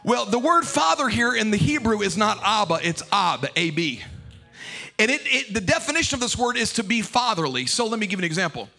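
Man preaching, very high voice, sung and shouted refrains, call-and-response, music playing behind. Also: big pitch swings, a little fast, gravelly. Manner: shouts and sings phrases, call-and-response with congregation; playful joking asides. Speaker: bishop preaching. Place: church service.

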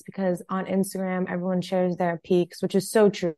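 A woman's voice: fairly low pitch, monotone, moderate pace, mellow, no echo, clean studio sound. A young woman co-hosting a podcast in casual chat, blunt and profane, laughing often. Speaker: podcast co-host.

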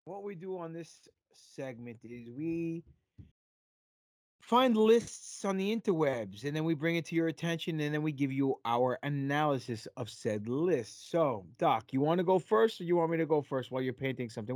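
A man's voice: fairly high pitch, expressive, normal speed, a little mellow, dry recording. Rambling male podcast host, dry sound. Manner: rambling, joke-telling, many fillers. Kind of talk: casual podcast chat.

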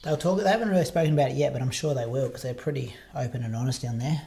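A man's voice: mid-range voice, very fast, creaky, warm tone. A man co-hosting a podcast, chatting casually and agreeably. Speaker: podcast co-host. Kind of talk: casual chat about running.

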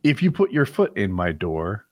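A man with a lowish, lively voice that swings up and down as he muses aloud in a casual podcast chat. The sound is dry and close, with no room echo. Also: normal speed. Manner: reflective, wondering aloud, laughs easily. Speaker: podcast co-host.

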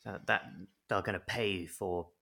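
A man co-hosting a comedy podcast, recapping a show in a wry, deadpan way. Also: low voice, measured pace, gravelly. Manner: wry, deadpan, chatty with digressions. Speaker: podcast co-host.

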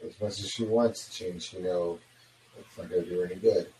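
Lower-voiced man in an echoey room. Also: brisk, slight background noise. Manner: relaxed, chatty, frequent yeahs and mm-hmms. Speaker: co-host of a movie watch-along commentary. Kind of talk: casual chat.

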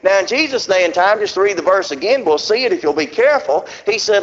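High-voiced preacher man, lo-fi. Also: animated. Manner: drawn-out emphatic scripture reading. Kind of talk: sermon. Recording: dull lo-fi recording.

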